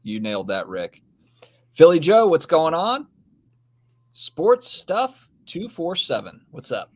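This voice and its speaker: A man's voice: on the high side, very animated, slow pace. A man hosting a casual live stream, rambling easily and greeting viewers from the comments. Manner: laid-back, rambling, reads out viewer comments. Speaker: podcast host.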